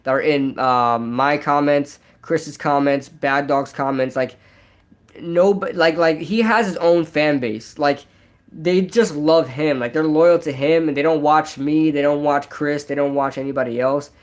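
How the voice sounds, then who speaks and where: Nasal young guy on a live stream. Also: a little slow. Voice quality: nasal, high-pitched. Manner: rambling, filler-heavy, restarts. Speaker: sports vlogger. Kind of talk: casual live-stream chat.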